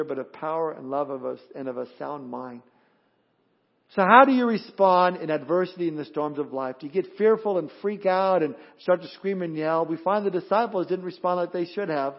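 A pastor preaching a sermon in an emphatic, animated way, often repeating words as he goes. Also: high voice, highs cut off.

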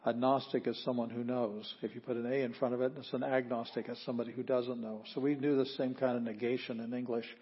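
Husky man teaching slowly, lo-fi. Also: medium pitch, level tone. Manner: patient, halting, many ums, sounds out words slowly. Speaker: Greek teacher. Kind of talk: informal classroom lesson.

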